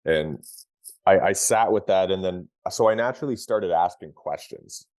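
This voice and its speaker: Podcast guest, man, 30s, extremely low voice, frank laid-back storyteller. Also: moderate pace. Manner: relaxed, frank, peppered with fillers and restarts. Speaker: podcast guest, former pro hockey player. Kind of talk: candid conversational storytelling.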